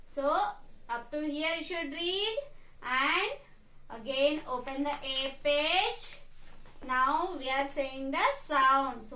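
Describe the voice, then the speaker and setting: Woman teacher, high and bright, recites letters very slowly to young kids; roomy classroom, distant mic. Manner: slow, deliberate drill-style recitation, addressing children. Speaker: primary school teacher. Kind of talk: classroom phonics lesson. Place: classroom with a board.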